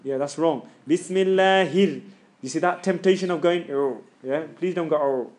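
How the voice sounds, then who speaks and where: A man teaching a tajweed class in a casual, joking way, stretching out sounds slowly and loudly to demonstrate them. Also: on the high side.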